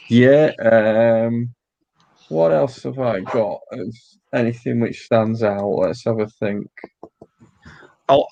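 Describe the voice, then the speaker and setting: A man's voice: on the low side, vocal fry. A man with a northern English accent chatting casually as a guest on a live stream, rambling with fillers and laughs. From northern England. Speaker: guest, invertebrate keeper.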